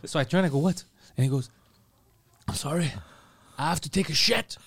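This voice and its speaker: A man's voice: fairly high pitch, a little fast, gravelly. A man hosting a casual comedy podcast who tells a long story, swearing freely and acting out what everyone said. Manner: animated, swearing, acts out quotes. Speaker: podcast host.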